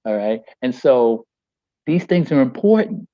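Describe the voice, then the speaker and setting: A man's voice: mid-range voice, very animated, unhurried, mellow, dry recording, highs cut off. A man teaching a poetry workshop on a video call. He speaks emphatically and rhythmically, stretching key phrases and often checking in with "all right?".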